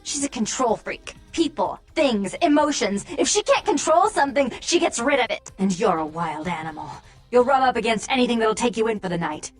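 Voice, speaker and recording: Sly vampire temptress, higher voice, theatrical, teasing, menacing, game character. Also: female voice, expressive, a little fast, faint music behind. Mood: scornful. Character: unstable young vampire woman, sly and volatile. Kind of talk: video game voice acting.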